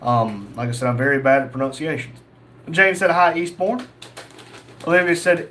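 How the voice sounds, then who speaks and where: Young male streamer, higher pitch, reads chat casually, faint room noise. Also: fairly even intonation, moderate pace, a bit bright. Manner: reads chat messages aloud, jokey. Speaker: livestream host reading chat.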